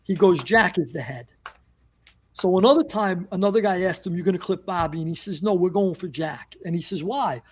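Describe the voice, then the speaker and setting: A man with a New York accent recounts a story in a relaxed interview. His voice sits fairly high, and he slips into the voices of the people he quotes. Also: fairly quick, breathy edge. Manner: animated storyteller acting out quoted dialogue. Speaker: former mobster guest.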